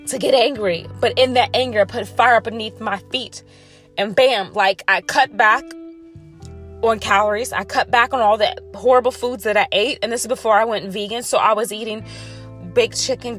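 A woman's voice: mid-range voice, fairly bright tone. A woman giving a fired-up motivational monologue about weight loss, calling her listeners y'all.

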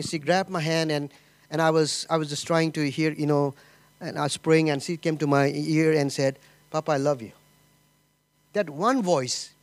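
Halting, earnest preacher, dry close sound. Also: male voice, a little high, no echo. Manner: halting, repeats words, frequent "you know" and "okay?". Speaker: pastor. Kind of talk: informal sermon.

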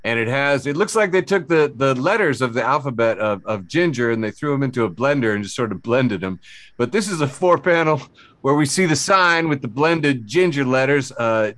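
A man's voice: mid-range voice, expressive, normal speed, fairly bright tone, dry recording. Male podcast host, casual and giggly, dry close sound. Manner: rambling, many fillers and restarts, laughs often. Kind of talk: casual comedy podcast chat.

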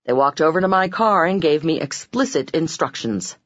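A woman reading self-help narration from a script, expressive and acting out quoted lines with sudden pitch jumps. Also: normal speed, no room sound, muffled recording. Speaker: audiobook narrator.

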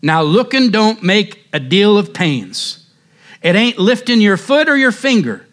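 A man's voice: fairly high pitch, animated, unhurried. A man voicing a fervent, rustic lay Methodist preacher who speaks in a folksy, plain-spoken way and preaches emphatically. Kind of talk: quoted sermon reading.

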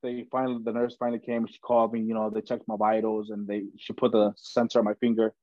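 A man's voice: on the low side, monotone, fast talker, no echo. A young man, a podcast guest, tells his story in a loose, chatty way, full of "man" and "bro". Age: young adult. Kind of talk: casual storytelling. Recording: dull lo-fi dry recording.

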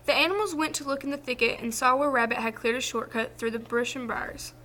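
Bright high-voiced woman reading a storybook. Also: fast, slight background noise. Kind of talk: reading a children's book aloud.

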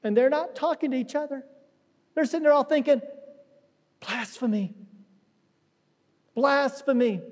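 A man's voice: very high voice, fast, a little mellow, big-room sound. A man preaching a conversational sermon in a church, acting out quotes as he explains a passage. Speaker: pastor. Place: church sanctuary.

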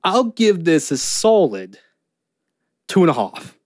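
Lively, laughing podcast man. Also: fairly high pitch, takes it slowly, no echo, clean studio sound. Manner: jokey, laughs often, stumbles and restarts. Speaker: podcast co-host rating beers. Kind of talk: casual banter.

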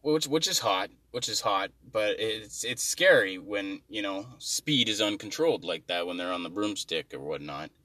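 Low-voiced male comic, exasperated rambling rant, dry off-mic sound. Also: lively intonation, normal speed, hardly any pauses, bright, forceful tone, no echo, distant mic.

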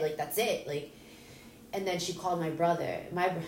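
Her voice is fairly low and darkish, her intonation fairly even and her pace brisk as this interview guest tells an emotional personal story in a raw, blunt way, swearing and acting out dialogue. The distant-mic recording has roomy echo, faint ambience and a little hiss or hum.

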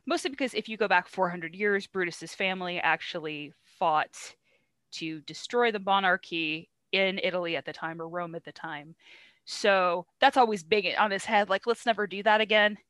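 A woman's voice: fairly low pitch, normal speed, a bit bright, no echo. A young woman co-hosting a podcast, retelling a play in casual, swearing slang and acting out the characters in bits. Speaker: podcast co-host.

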